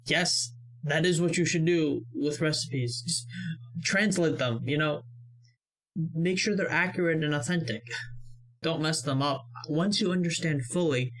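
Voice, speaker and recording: A man's voice: on the high side, unhurried, fairly bright tone. A man hosting a reaction video, commenting in a thoughtful, mildly amused, hesitant way.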